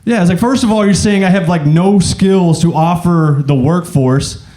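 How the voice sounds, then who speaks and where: Sex: male. Origin: from Arkansas. Role: stand-up comedian. Pitch: high. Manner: casual, rambling, filler-heavy. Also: normal speed, mellow. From Arkansas, USA.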